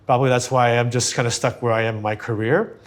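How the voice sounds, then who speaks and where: A man's voice: mid-range voice, fairly even intonation, fast talker. Easygoing male talk-show host. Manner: easygoing, playful, with many fillers. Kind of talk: casual interview chat.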